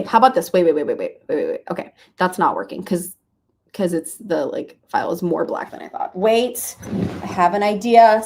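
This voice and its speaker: A woman's voice: lowish voice, darkish tone, slight background noise. A sleepy woman hosting a live stream, chatting casually with viewers, thinking aloud and laughing often. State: sleepy, yawning. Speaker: streamer hosting reading sprints.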